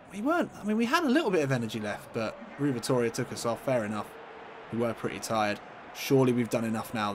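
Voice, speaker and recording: A man's voice: medium pitch, slight background noise. A man commentating over his own football video game in a mock sports-broadcast style, swinging into exasperated outbursts. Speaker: gaming commentator. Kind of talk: let's-play football commentary.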